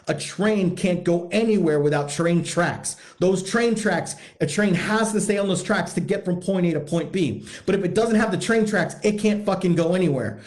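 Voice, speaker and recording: A man's voice: on the high side, a little mellow. A man coaching husbands in a blunt, profane, emphatic monologue, hammering points home by repeating them. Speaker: podcast host, men's coach.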